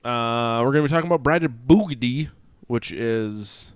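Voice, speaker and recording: A man's voice: mid-range voice, expressive, normal speed, smooth, dry recording. A man hosting a podcast in casual chat, rambling and swearing loosely as he wraps up the show. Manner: loose, profane, rambling asides. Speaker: podcast host.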